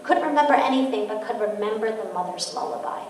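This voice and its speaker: A middle-aged woman giving a lively parenting talk to an audience, telling stories and acting out quoted voices. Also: medium pitch, fast talker. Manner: storytelling with quoted voices and laughter. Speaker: guest speaker on parenting. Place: large hall. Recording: echoey hall from far off, faint noise.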